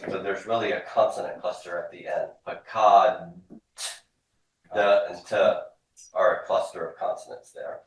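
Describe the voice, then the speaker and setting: A man's voice: low voice, steady tone, moderate pace. A man teaching a classroom lesson, explaining patiently, often repeating words and drilling forms aloud for students to echo. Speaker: Hebrew instructor. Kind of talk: classroom lecture. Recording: echoey classroom from far off.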